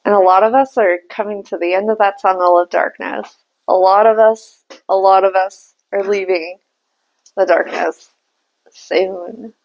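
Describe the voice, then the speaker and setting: A woman's voice: medium pitch, steady tone, a little slow, dull audio. A young adult woman giving a casual spiritual tarot reading, musing aloud and laughing at herself. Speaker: tarot reader and channeler.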